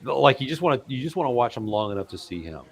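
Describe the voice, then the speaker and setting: A man's voice: medium pitch, sing-song, fast, gravelly, crowd noise. An American man in casual chat, rambling and trailing off with fillers.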